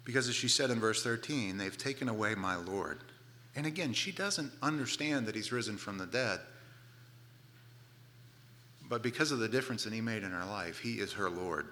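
A middle-aged man preaching a sermon, telling the story with playful asides and dropping to soft, hushed tones for tender moments. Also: on the low side, animated, normal speed. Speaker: pastor.

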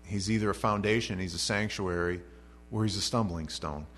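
Man, pastor, lowish voice, expository sermon, faint electrical hum. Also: moderate pace, fairly bright tone. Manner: reads scripture aloud, then paraphrases in casual modern speech.

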